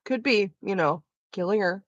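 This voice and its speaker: A woman's voice: mid-range voice, expressive, moderate pace, no echo, highs cut off. A woman streaming from home, chatting casually while gaming, blunt and sarcastic with lots of swearing, coughing now and then from smoking. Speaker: live streamer.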